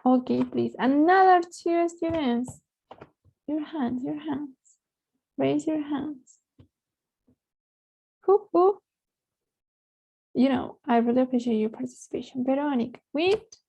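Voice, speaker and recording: A woman's voice: sits high, slow, gravelly, long pauses, dark tone, lo-fi sound. A woman teaching an online English class, coaxing students along and often asking "right?" over a video call. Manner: switches between English and Spanish, coaxing students with frequent "right?".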